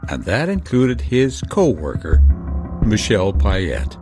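Man doing true crime narration, lots of dramatic pauses, lively up and down delivery, music under it. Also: on the low side.

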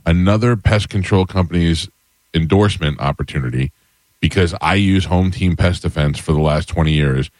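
Male radio host, very low voice, dry close mic, animated grumbling banter. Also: moderate pace, dry recording. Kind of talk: casual on-air banter.

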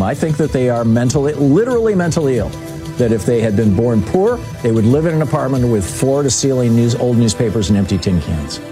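A man hosting a radio talk show, giving political commentary and telling anecdotes in a loose conversational way, full of fillers and restarts. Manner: conversational, many "you know" fillers and restarts; lively storyteller, jumps pitch for emphasis.

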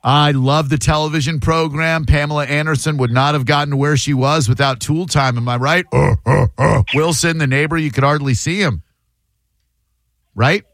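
A man's voice: fairly high pitch, steady tone, moderate pace, fairly bright tone, no room sound. A man hosting a radio show with casual banter, sarcastic and teasing. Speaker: radio host.

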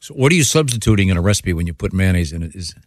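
Low-voiced man reading listener mail. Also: lively intonation, no echo, studio quality. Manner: chatty, halting restarts. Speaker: radio show co-host. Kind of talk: casual radio banter, reading listener letters. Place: radio studio.

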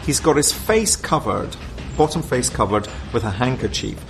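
A man speaking as an expert in a documentary interview, measured and analytical, thinking his points through aloud. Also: mid-range voice, sing-song, creaky, faint music behind.

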